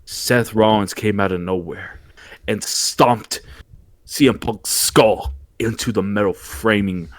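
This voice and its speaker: Here a podcast host with a lowish voice recaps wrestling in casual chat, taking things slowly. He's animated, imitating wrestlers in over-the-top voices, and he trips over his words and repeats them as the story unfolds. There's no room sound.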